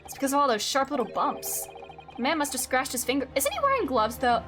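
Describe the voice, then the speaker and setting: A woman's voice: high-pitched, very animated, brisk. A woman streaming a video game, chatting casually, laughing often and swearing freely. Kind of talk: casual gameplay commentary. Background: faint game music.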